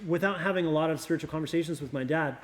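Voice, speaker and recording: A middle-aged man with a slightly high voice talks through memories of his father in easygoing conversation. He is reflective and halting, often doubling words as he searches for them, and grows a little emotional. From Oregon. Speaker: youth pastor. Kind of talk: casual conversation, storytelling.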